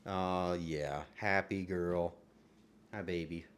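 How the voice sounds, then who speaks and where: A man streaming live from his home setup, rambling casually with sudden loud outbursts and soft asides. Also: sits low, fairly even intonation, slow, a little hiss or hum.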